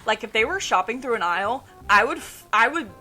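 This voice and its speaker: A young woman co-hosting a podcast, telling retail stories in a lively casual way and swearing freely. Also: fairly high pitch, brisk, faint music behind. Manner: animated storytelling, swears freely. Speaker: podcast co-host. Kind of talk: casual chat.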